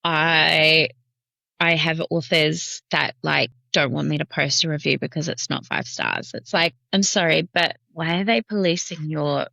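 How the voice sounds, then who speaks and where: Chatty woman with a gravelly, bright voice. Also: sits low, fairly even intonation, a little slow, no room sound. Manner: chatty, playful. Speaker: podcast co-host, bookstagrammer. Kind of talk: casual chat.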